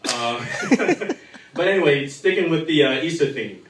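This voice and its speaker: A man's voice: a little high, animated, unhurried, background noise. A young man doing a crude, rambling stand-up set full of fillers at a live comedy show in a bar. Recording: echoey room from far off.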